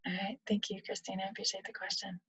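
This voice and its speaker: A woman's voice: mid-range voice, flat delivery, fast, a bit bright, breathy edge, dry recording, low-quality recording. A woman presenting a live leadership webinar, answering audience questions in a conversational way and acting out little examples. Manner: conversational, explaining with acted-out examples. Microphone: computer mic on video call.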